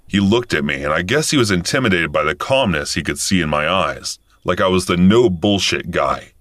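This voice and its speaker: A man in his thirties narrates a scripted first-person story. His voice is deep, and his intonation rises and falls a lot. He keeps a calm, matter-of-fact delivery. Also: normal speed, few pauses, dry recording, clean studio sound. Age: 30s.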